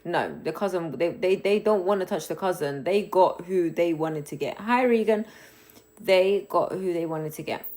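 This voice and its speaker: A woman's voice: fairly low pitch, moderate pace, darkish tone. A woman hosting a casual phone livestream, chatting loosely and thanking viewers as they come in. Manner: chatty, reads and thanks commenters. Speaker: livestream host.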